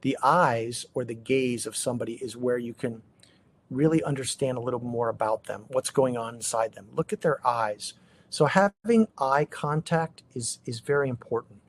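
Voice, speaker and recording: A middle-aged chiropractor gives an informal practice seminar to colleagues, talking in a loose, animated, conversational way with frequent restarts and peppering his listeners with rhetorical questions. His voice sits at a medium pitch and moves at a normal speed, with slight background noise.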